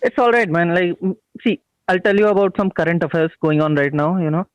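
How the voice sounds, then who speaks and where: A man's voice: high-pitched, steady tone, brisk, clear, resonant tone, dull audio. A man from India, doing a chatty stand-up set over a video call. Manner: casual, chatty, with filler like "see" and "you know". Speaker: stand-up comedian.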